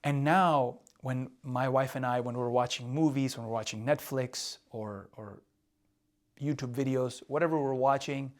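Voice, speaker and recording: A man's voice: medium pitch, steady tone, normal speed. Candid man giving relationship advice. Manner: candid, confessional, repeats words and says "right?" often. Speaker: relationship coach. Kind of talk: casual advice talk. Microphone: drawing on a board while talking.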